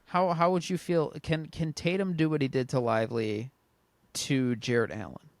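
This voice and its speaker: A man co-hosting a relaxed sports podcast, reading out listener questions and cracking jokes. His voice sits in a middle range and is recorded close and dry, with no room around it. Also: medium pitch, moderate pace, no echo. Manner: joking, reads listener questions aloud. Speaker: podcast co-host. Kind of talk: casual sports chat.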